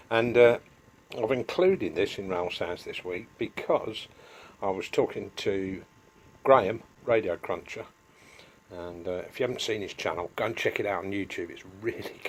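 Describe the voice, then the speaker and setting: A man's voice: lowish voice, normal speed, slightly rough. A middle-aged man, chatting casually in a home workshop vlog and going off on homely asides. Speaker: DIY vlogger.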